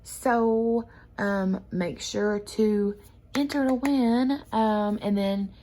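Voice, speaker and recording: A woman's voice: medium pitch, fairly even intonation, extremely slow, mellow, a little hiss or hum. A woman hosting a craft channel, chatting casually and rambling with lots of fillers. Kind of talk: casual chat.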